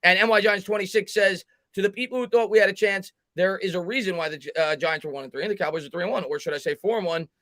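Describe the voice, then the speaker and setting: A man hosts a live sports stream, calling plays and reading out viewer comments. His voice is high and bright. The sound is dry and close. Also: dry recording. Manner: fast commentary, reads viewer chat aloud, halting restarts. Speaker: host doing play-by-play.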